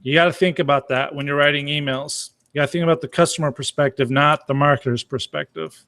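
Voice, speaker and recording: A man's voice: fairly high pitch, steady tone, fast talker, fairly bright tone. A middle-aged man giving a blunt, casual Q&A talk as a marketing coach, swearing freely. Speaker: marketing coach answering questions.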